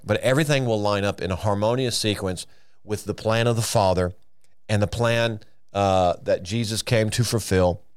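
A man's voice: lowish voice, steady tone, moderate pace, clear, resonant tone, no room sound, studio quality. A man teaching the Bible in a podcast, earnest and emphatic, with frequent fillers and restarts as he works through passages.

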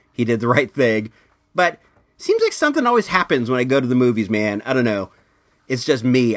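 A man in his thirties hosts a casual podcast in a loose, rambling style. His voice sits at an ordinary mid pitch, and he fills his talk with likes and you-knows, getting more animated when he tells a story. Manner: rambling, animated when telling stories, filler-heavy. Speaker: podcast host and movie reviewer. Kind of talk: casual comedic storytelling and review.

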